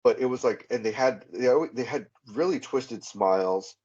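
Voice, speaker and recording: Husky-voiced man giving earnest testimony. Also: mid-range voice, darkish tone, lo-fi sound. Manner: earnest, halting storytelling with many fillers and restarts. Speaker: podcast guest. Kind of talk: personal testimony, recounting a vivid experience.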